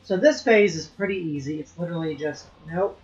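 A man's voice: fairly high pitch, brisk, a little mellow, dull audio, soft background music. A man giving casual gameplay commentary, thinking aloud and swearing at the game as he plays. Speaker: let's play host.

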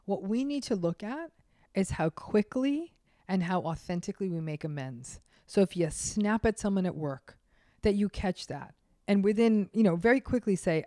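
A woman's voice: mid-range voice, animated, moderate pace, dark tone, dry recording, clean studio sound. A woman psychologist, a guest on a podcast interview, who speaks emphatically and acts out the people she quotes.

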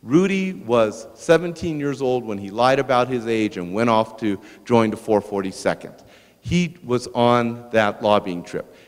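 A man giving a public lecture at a museum, telling a story in a lively anecdotal way and turning to the audience with asides. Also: mid-range voice, a little slow. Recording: long reverb in a large hall.

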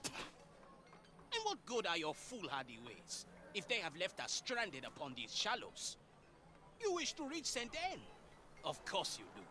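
An actor with an African accent playing a stern, scornful pirate quartermaster in a video game, speaking in theatrical, formal old-fashioned lines. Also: male voice, sits high, huge pitch swings, unhurried, pauses often, sharp tone, a little hiss or hum, full character voice. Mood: mocking.

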